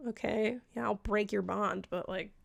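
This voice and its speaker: A woman voicing a villain king who talks in a flat, dismissive way and swears. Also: medium pitch, moderate pace, gravelly.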